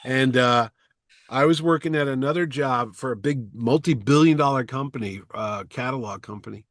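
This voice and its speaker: A middle-aged man from Connecticut, a guest in a casual chat, telling animated stories and jumping into high voices when he quotes people. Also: moderate pace, no room sound, studio quality.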